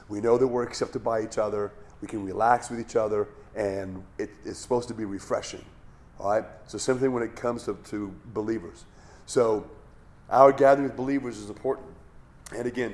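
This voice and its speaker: A man's voice: mid-range voice, a little mellow. A man teaching the Bible as a pastor. He talks in a conversational way, often restarts phrases and checks in with "all right?".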